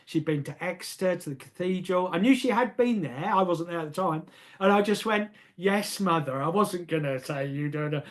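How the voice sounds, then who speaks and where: Older English man, storytelling guest, halting and self-mocking, casual interview. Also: high-pitched, lively intonation. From England. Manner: hesitant, repeats words, laughs at himself.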